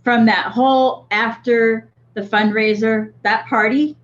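Woman co-host, casual chatter, somewhat high voice, muffled stream sound. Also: steady tone, unhurried, a little hiss or hum. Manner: chatty, laughs often, reads chat aloud. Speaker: co-host of a vaping livestream. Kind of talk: casual chat. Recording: dull lo-fi stream audio.

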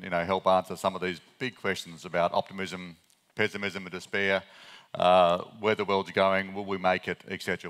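A man in his fifties with an Australian accent gives a conference talk. His voice is deep and smooth, and he speaks quickly and earnestly, with plenty of ums and restarts along the way. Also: fairly bright tone, big-room sound. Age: 50s. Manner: fast-talking, earnest, many ums and restarts.

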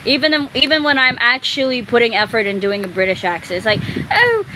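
A woman's voice: a little high, steady tone, fast, bright, forceful tone. Young woman streamer, giggly rambler, noisy background. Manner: giggly, rambling, swears a lot. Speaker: streamer chatting with friends. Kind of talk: casual chat.

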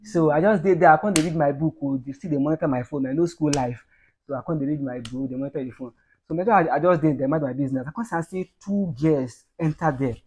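A Nigerian man telling, in a relaxed and teasing way, the story of how he met his wife, chatting at home. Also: on the high side, quick pace, husky. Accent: Nigerian Pidgin. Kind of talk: casual storytelling.

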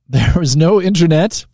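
A man's voice: on the high side, dark tone, no room sound, clean studio sound. A man hosting a live talk radio show, chatting casually and joking, with lots of fillers and restarts. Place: radio studio.

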